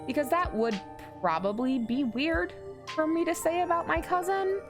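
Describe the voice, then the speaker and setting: A woman's voice: high voice, normal speed, over music. A woman in her forties streaming a story game, chatting, giggling and reading choices aloud with many ums.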